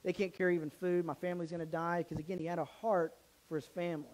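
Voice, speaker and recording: Here the same higher-voiced pastor talks fast and flat, his tone a little mellow. He relates the story casually and animatedly in church, tripping over words and starting again, on a low-quality recording.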